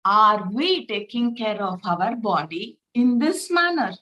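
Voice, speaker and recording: A woman, leading a spiritual reflection talk through gentle, repeated rhetorical questions. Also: mid-range voice, very animated, takes it slowly, highs cut off. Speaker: spiritual teacher.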